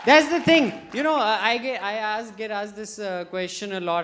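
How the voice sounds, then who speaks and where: A stand-up comedian from India, talking in a chatty, halting way with many fillers on a festival stage. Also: medium pitch, heavy background noise.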